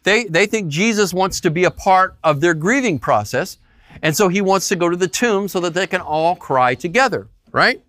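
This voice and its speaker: Animated male pastor preaching. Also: high voice, moderate pace, no room sound. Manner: animated preaching, acts out quoted voices. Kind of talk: sermon.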